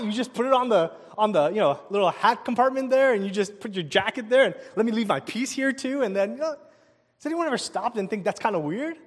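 Telling a personal story from the pulpit, this preacher delivers it with animation, chuckles often and throws questions to the congregation. His voice sits high at a normal speed, with a long hall reverb around it.

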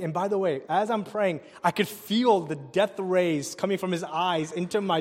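A male pastor preaching a sermon, telling a personal story in an animated way and acting out the people in it. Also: sits high, moderate pace, few pauses, in a large hall. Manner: animated storytelling with laughs and quoted voices.

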